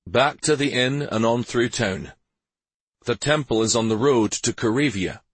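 A man voicing a loyal, steady guard captain with a clipped, matter-of-fact manner in a storybook reading. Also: medium pitch, unhurried, slightly rough, no echo, voice pushed up. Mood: dry.

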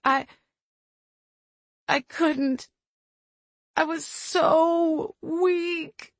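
A fragile young ghost woman, as a female narrator puts her on, crying as she talks in a high, shaky voice. Her words come halting and self-reproaching, close and dry in an audiobook reading. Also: slightly rough, dry recording. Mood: tearful.

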